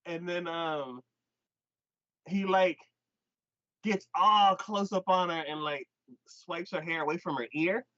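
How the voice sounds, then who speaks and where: A man hosting a live anime podcast, retelling an episode in a casual chat with quick voiced asides. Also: high-pitched, a bit bright, no echo, muffled recording.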